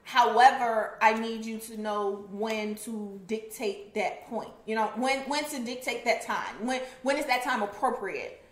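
A woman's voice: on the high side, unhurried, few pauses, echoey room. A woman co-hosting a casual chat, talking in an emphatic, blunt way. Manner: emphatic, blunt, says "period". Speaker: co-host.

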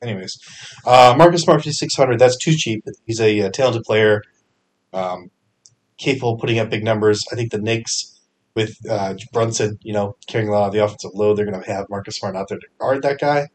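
A young man hosting a fantasy sports podcast, talking casually with energetic bursts and frequent fillers. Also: fairly low pitch, fairly quick. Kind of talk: casual solo podcast picks.

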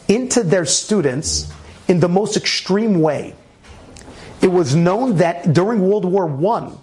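A man telling a story casually, animated, with frequent restarts and laughter. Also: on the high side.

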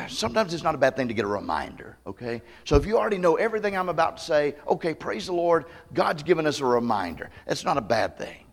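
High-voiced preaching man. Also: creaky. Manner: emphatic preaching with rhetorical questions to the congregation. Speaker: pastor. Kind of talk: sermon. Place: church campmeeting service.

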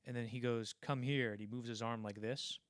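A man on a podcast walking through film scenes at length, rambling and slipping into quick impressions of the characters. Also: medium pitch, level tone, clean tone, no echo. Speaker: podcast co-host. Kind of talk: casual film discussion.

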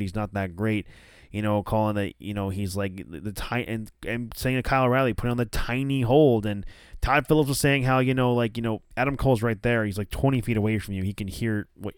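Animated male wrestling podcast host. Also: fairly low pitch, clean tone, dry recording, studio quality. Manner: animated, acts out quoted lines, frequent restarts. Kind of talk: casual opinion commentary.

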